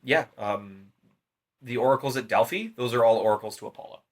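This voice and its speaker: A man tells a myth on a podcast in a brisk, medium-pitched voice, clearly a bit tipsy and speaking casually. Animated and constantly swearing, he plays out the characters' dialogue as he goes.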